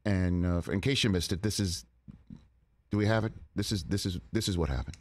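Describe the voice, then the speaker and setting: A middle-aged man hosting a sports talk show, telling a story in a casual, animated way with quick restarts. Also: sits low, slight background noise. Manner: animated, excited retelling with restarts. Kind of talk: casual studio chat, storytelling. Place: studio.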